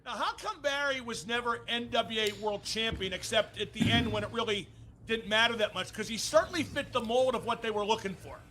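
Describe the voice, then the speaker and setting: High-voiced man interviewer in an echoey room. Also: brisk, bright, forceful tone, a little hiss or hum. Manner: asks long, leading questions. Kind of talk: interview questions.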